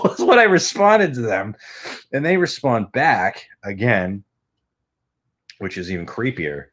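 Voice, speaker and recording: Talking close into a studio mic for his home podcast, a man rambles in a casual, self-mocking way and swears freely. His voice is medium-pitched and sing-song, fairly bright in tone, and a little slow.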